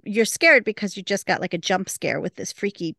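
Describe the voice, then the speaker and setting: A woman's voice: medium pitch, animated, fairly quick, sharp tone, no echo, studio quality. Laughing woman recapping a show. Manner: retells scenes with quoted lines, laughs often. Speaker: podcast co-host. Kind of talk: casual recap chat.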